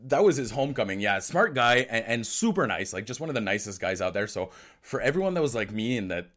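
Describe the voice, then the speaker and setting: A man whose first language is French, hosting a hockey podcast in casual chat, excitable with quick asides. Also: medium pitch. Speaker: host.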